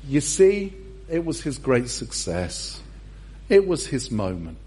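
A man's voice: medium pitch, takes it slowly, husky. A middle-aged man preaching a humorous sermon in a church, telling stories with self-mocking jokes. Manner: animated, self-mocking storyteller. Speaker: pastor.

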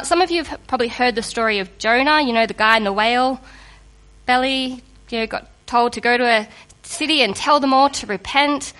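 A woman giving a sermon to a congregation in a lively, conversational and humorous way, just getting over a cold. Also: a little high. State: recovering from a cold. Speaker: preacher.

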